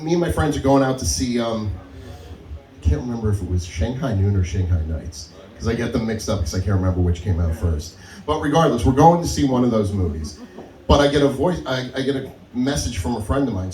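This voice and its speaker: A man doing stand-up at an open mic, telling a long story and acting out the people in it with big jumps in pitch. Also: darkish tone. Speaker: stand-up comedian. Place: comedy club stage. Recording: echoey club, mic heard from a distance.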